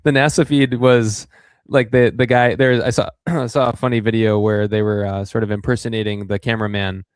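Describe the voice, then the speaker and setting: A man's voice: lowish voice, a little fast, clear, resonant tone, dry recording. Chatty male podcast host, dry sound. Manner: relaxed, chatty. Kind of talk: casual podcast chat.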